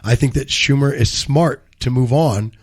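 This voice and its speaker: A man's voice: medium pitch, moderate pace, slightly rough. A man co-hosting a live cannabis news show, rambling and profane, often correcting himself mid-sentence. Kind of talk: casual live show banter and news commentary.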